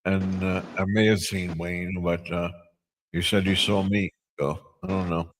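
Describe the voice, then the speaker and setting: An older man with a low voice hosts a casual live stream. He rambles, restarting sentences and filling pauses as he goes. A faint hiss sits under his voice. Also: little pitch movement, poor audio. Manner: rambling, with many restarts and fillers. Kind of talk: casual chat.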